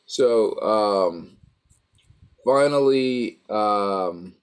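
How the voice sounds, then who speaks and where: A man chats casually, retelling a story in a rambling way with plenty of fillers and acted-out quotes. His voice sits on the low side. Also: expressive, very slow, clear, resonant tone. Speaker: co-host recapping a show. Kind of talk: casual chat.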